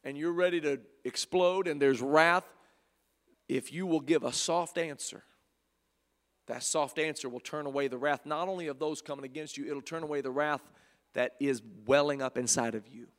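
A male preacher delivering a sermon, swinging between loud fervor and hushed softness and repeating phrases. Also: a little high, normal speed, pauses often. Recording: long hall reverb.

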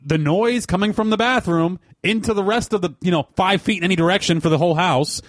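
A man's voice: sits high, quick pace, no echo, clean studio sound. Ranting man on a podcast. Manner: ranting, exasperated, swears a lot. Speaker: podcast co-host. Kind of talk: casual podcast banter.

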